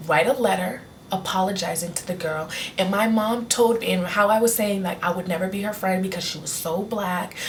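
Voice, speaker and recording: A woman's voice: medium pitch, distant mic, slight background noise. A young woman vlogger chatting casually to her camera, candid and rambling, often restarting her sentences. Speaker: beauty vlogger. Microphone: on-camera mic.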